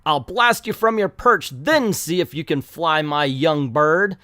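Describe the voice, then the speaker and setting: A man's voice: a little high, unhurried, bright, forceful tone, dry recording, clean studio sound. A man voicing a gloating comic-book villain. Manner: boastful, cackling. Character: gloating adult male weather villain.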